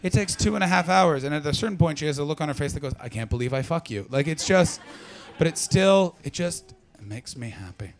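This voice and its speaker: A man's voice: a little high, expressive, a little fast, few pauses. A man from Canada doing stand-up crowd work, brash and profane as he teases the audience. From Ottawa Valley, Canada. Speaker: stand-up comedian.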